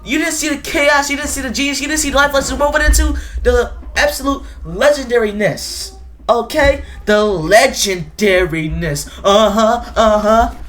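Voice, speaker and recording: A woman's voice: on the high side, normal speed, lightly acted. A woman voicing a dramatic, touchy male aspiring author in a comedy sketch, theatrical and indignant, repeating himself for effect.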